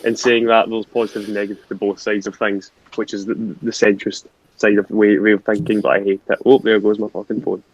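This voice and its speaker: A man's voice: fairly low pitch, flat delivery, a little fast, slightly rough, no echo. Stammering, swearing Scottish man. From Scotland. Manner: swears a lot, stammering restarts. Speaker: guest. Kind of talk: casual chat. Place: hotel room. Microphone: wireless earbuds. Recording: dull lo-fi earbud mic.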